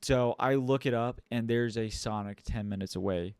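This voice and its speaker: Young man, podcast co-host, rambling profane storyteller, smooth clear voice, dry close sound. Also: medium pitch, moderate pace, dry recording. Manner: rambling, swears a lot, mimics people in quotes. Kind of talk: casual storytelling chat.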